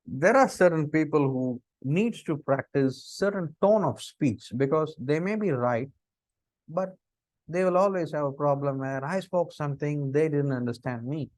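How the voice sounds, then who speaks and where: A middle-aged man with an Indian English accent, giving a lecture on interview skills, lively and full of rhetorical questions. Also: a little high, normal speed, no room sound. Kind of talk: lecture on interview body language.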